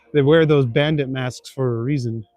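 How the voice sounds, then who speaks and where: A man's voice: medium pitch, darkish tone, no echo. A young man chatting casually with viewers while walking city streets at night, rambling and chuckling with lots of fillers. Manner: laid-back, chuckling, rambling with many fillers. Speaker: livestreaming vlogger. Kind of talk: casual chat, reading and answering viewer comments.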